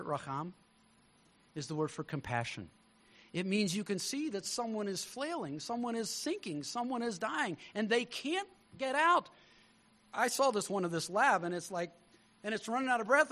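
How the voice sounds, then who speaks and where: A male pastor preaching a sermon, telling stories with lively swings between loud emphasis and hushed tones. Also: high-pitched, moderate pace.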